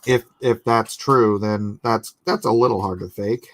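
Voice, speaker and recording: A man's voice: lowish voice, steady tone, measured pace, a bit bright, no echo. Sarcastic, rambling man in a dry room. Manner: rambling, sarcastic, laughs often. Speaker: livestream host and artist. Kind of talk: casual livestream chat, reading chat comments.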